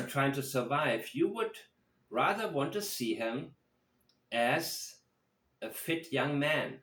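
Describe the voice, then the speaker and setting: Man commentator, slow and deliberate, analytical, room echo on the voice. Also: medium pitch, lively intonation, a bit bright. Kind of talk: true-crime video commentary. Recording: roomy echo.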